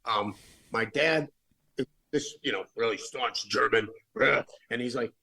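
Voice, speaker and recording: A man's voice: medium pitch, a little slow, creaky, pushed and bright, poor audio. A late-middle-aged man, a rock musician guest, telling stories in a casual, rambling way, full of restarts and fillers. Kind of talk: casual storytelling.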